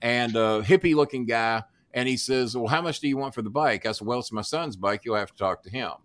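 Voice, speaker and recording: A man guesting on a podcast tells a long, animated story, swearing freely and voicing each person's lines. His mid-range voice is fairly quick and a bit bright, recorded with no echo.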